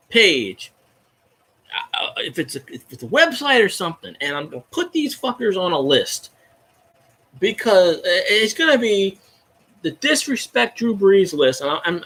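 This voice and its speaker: A high, lively male voice that swoops up and down as he rants, bright and forceful in tone. He talks like a fan hosting his own video, casual and profane, working himself up as he goes. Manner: profane, fired-up ranting. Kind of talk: casual ranting fan chat.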